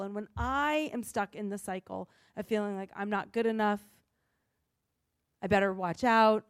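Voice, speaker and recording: A woman's voice: medium pitch, no echo, studio quality. Earnest woman pastor preaching. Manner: earnest, expressive, acts out quoted lines. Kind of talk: sermon.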